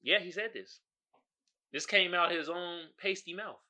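A man hosting a casual solo podcast, riffing in an animated, exasperated way with lots of slang and laughter. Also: high-pitched, measured pace. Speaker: podcast host.

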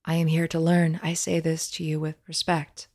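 Woman doing an earnest young seeker woman, respectful, a bit gravelly, storybook voice. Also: sits low, monotone, normal speed, a little mellow, no room sound, studio quality.

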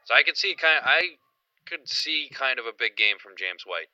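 A man co-hosting a sports podcast, talking in a rambling, excited way with lots of fillers. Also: mid-range voice, normal speed, no echo, lo-fi sound. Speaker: podcast co-host. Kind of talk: casual sports chat.

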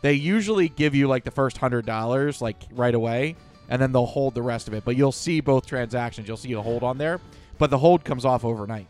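A man hosting a podcast, chatting in a relaxed, wry way about his travels. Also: mid-range voice, brisk, soft background music. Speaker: podcast host. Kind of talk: casual chat.

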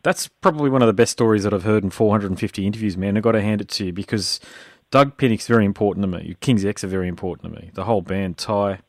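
A man's voice: fairly low pitch, quick pace, no room sound. A man hosting a podcast, an enthusiastic fan who calls his guest "man" and "mate". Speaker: podcast host. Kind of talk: casual interview chat.

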